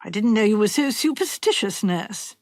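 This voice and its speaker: A woman reader voicing a weary middle-aged husband, lowering and softening her voice to a dry, subdued tone. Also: expressive, moderate pace, no room sound, lightly acted. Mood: uneasy.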